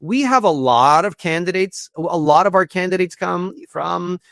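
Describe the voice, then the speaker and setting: A man speaking as a guest in a conversational interview, earnest and prone to repeating words as he thinks, with a gravelly voice. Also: sits high, moderate pace, a bit bright, no echo, studio quality. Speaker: guest, institute executive director.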